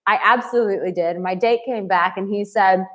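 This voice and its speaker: A woman dating coach in her thirties talking casually to camera, blunt and animated, acting out the people in her stories. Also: medium pitch, brisk. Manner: animated and blunt, acts out quoted voices.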